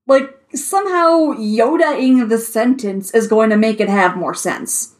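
A woman reading fan fiction aloud with expressive storytelling. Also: fairly high pitch, a little slow. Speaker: story reader.

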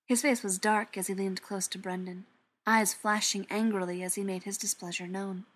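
A woman reads a novel aloud as an audiobook narrator. Her pitch sits in a comfortable middle range. She tells the story expressively, sometimes dropping to near-whispers. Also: steady tone, normal speed, a bit bright. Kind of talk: scripted narration.

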